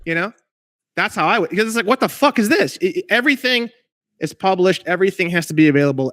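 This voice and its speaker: A man's voice: mid-range voice, no echo, clean studio sound. A man ranting in casual conversation over a video call, emphatic, rambling and profane, as a guest legal researcher.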